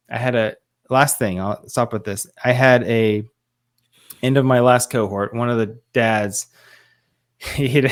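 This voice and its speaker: A man in his thirties, a fatherhood coach, telling a story earnestly and with emphasis as a podcast guest. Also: medium pitch. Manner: earnest, emphatic, quotes others in dialogue.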